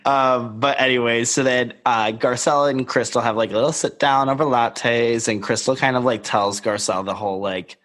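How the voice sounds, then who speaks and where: A man co-hosting a casual podcast, recapping reality TV in an animated way and often laughing. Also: medium pitch, normal speed, hardly any pauses. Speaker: podcast co-host.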